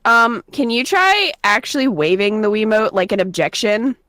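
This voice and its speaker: A woman's voice: mid-range voice, expressive, moderate pace, a bit bright, dry recording, clean studio sound. A woman co-playing a game with a friend, teasing and laughing often. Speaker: co-player. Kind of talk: let's play banter. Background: game music.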